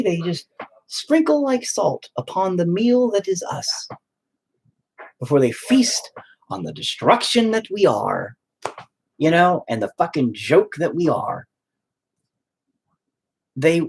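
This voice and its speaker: A man's voice: fairly high pitch, sing-song, measured pace, long pauses, a little mellow, husky. A man chatting at home while painting, rambling through a profane, opinionated rant.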